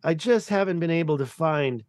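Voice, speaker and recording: Excitable rambling man on a video call. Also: on the high side, normal speed, no room sound. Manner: rambling, excitable, swears casually. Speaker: podcast guest. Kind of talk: casual video-call chat.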